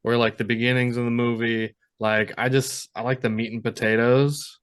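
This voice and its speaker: A man's voice: mid-range voice, flat delivery, moderate pace, clear, resonant tone. A man co-hosting a casual movie podcast, chatty and filling his talk with "like". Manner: chatty, full of 'like' fillers. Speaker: podcast co-host. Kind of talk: casual chat about movies.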